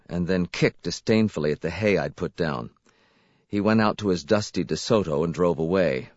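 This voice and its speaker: A man reading a first-person story as an audiobook narrator, expressive and unhurried, in a slightly dull, dry recording. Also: low-pitched, no room sound.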